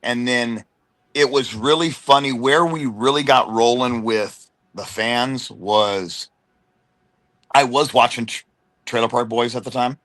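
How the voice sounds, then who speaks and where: A middle-aged man from the United States chats as a guest, with a bright, forceful tone. He tells his stories in an animated, slangy way and slips into quick character impressions. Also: medium pitch. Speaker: guest wrestler. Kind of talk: casual storytelling chat.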